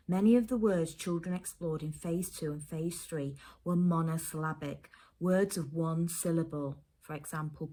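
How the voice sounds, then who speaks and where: A woman teacher from England giving a phonics lesson to young children and their parents, sounding out letters slowly and carefully. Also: deep voice, dark tone. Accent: English. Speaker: primary school teacher.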